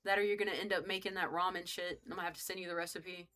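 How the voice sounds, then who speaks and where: Young woman game streamer, bright and forceful tone, loose rambling chatter, cusses freely, talks straight to chat. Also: lowish voice, steady tone, racing. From United States. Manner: rambling, joking, swears freely, chats with viewers. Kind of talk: casual live-stream chat while playing.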